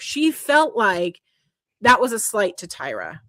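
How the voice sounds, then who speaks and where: A woman co-hosting a podcast, talking in a medium voice and retelling events with animated flair. She acts out quoted lines and gets worked up as she talks. The sound is close and dry, with no room around it. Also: mid-range voice, slow, dry recording. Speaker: podcast co-host. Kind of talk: casual podcast chat.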